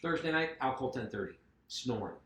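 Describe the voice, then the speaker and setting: A man hosting a casual podcast, talking in an animated way with quick asides and laughs. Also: medium pitch. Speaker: podcast host. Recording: roomy echoey room.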